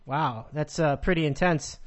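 A man's voice: on the high side, normal speed. A man hosting a sports podcast, chatting casually and upbeat with callers, laughing easily.

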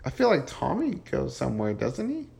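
Lively, giggly man co-hosting a podcast. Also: medium pitch, moderate pace, gravelly. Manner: animated, giggly, playful. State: has hiccups. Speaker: podcast co-host. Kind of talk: casual chat recapping a film.

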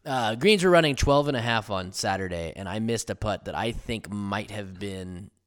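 A man's voice: fairly low pitch, moderate pace. A young adult man co-hosting a podcast, talking casually in a rambling, stop-start way and laughing often. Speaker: podcast co-host.

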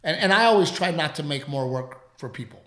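A radio host telling a story in casual chat, rambling and animated, with plenty of fillers. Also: male voice, on the high side, brisk, reverberant.

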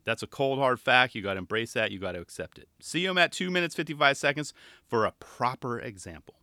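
A man's voice: medium pitch, animated, a little fast, bright, forceful tone, no room sound, clean studio sound. A man hosting a podcast from his home garage, chatting casually and at length, often acting out what people said. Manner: laid-back, rambling, acts out quoted voices. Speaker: podcast host reacting to a skate video. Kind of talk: casual spoken commentary. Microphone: studio microphone.

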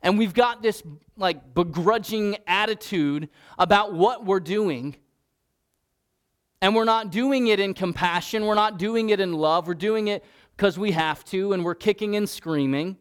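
Male pastor, earnest and chatty, slightly high voice, sermon delivery. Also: unhurried, clean tone. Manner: conversational, earnest preaching with restarts.

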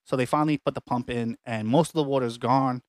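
A man at a mid pitch co-hosts a podcast from home. He tells the story casually, with many restarts and animated reenactments of what others said, and the sound is close and dry, with no room echo. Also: quick pace. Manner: rambling, frequent restarts, animated retellings. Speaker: podcast co-host. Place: home apartment.

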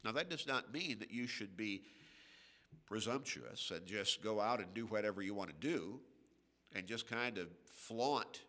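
A man preaching a radio sermon, slow and emphatic, with dramatic pauses between phrases. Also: lowish voice, lively intonation, bright, forceful tone, long reverb tail.

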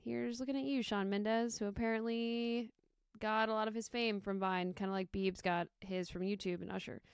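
A woman's voice: mid-range voice, fairly even intonation, moderate pace, smooth, no echo, studio quality. A young woman co-hosting a podcast, chatting casually and jokingly with lots of fillers. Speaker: podcast co-host. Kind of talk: casual chat.

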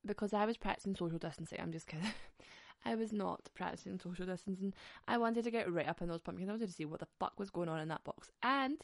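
A woman's voice: on the low side, quick pace, gravelly, no echo, clean studio sound. A woman, hosting a podcast and ranting in a casual, comic monologue, often giggling and swearing. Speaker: podcast host.

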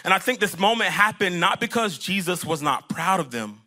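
A young man delivers a lively sermon in a bright, high-pitched voice. His phrasing rises in a sing-song lilt as he builds toward a point, and he acts out little scenes between the biblical figures. The energy is that of a pastor speaking to his congregation. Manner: animated preaching, acts out the disciples and Jesus in quick asides.

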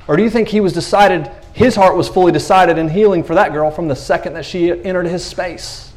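A man preaching a sermon in a conversational, animated way, acting out the voices of the people in the stories he tells. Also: high voice, fairly quick, few pauses.

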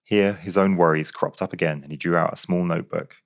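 Low, gravelly male storyteller. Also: fairly even intonation. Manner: wry, measured storytelling. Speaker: narrator. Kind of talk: scripted story narration.

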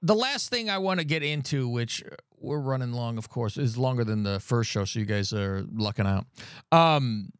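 A man's voice: medium pitch, expressive, moderate pace, clear, resonant tone, no echo, clean studio sound. A man hosting a podcast in a laid-back, profane way, steering the talk along. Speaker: podcast host. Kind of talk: casual podcast chat. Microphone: podcast mic.

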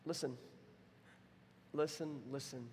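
A man's voice: fairly high pitch, fairly even intonation, slow pace, darkish tone, slight background noise. A young adult man preaching a sermon as pastor, conversational and storytelling, swinging into voiced quotes. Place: church sanctuary. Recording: long hall reverb.

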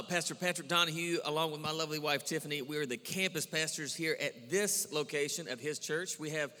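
A male pastor delivers a sermon and prayer to his congregation, earnest and repetitive, often stumbling on "uh" and restarting lines. His voice sits on the higher side for a man. A long church-hall reverb trails after each phrase. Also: sharp tone. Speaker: campus pastor. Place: church sanctuary.

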